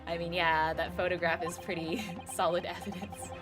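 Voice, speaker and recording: A woman streamer giving casual game commentary, animated, excitable and giggly. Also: on the low side, normal speed, over music. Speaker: streamer, host.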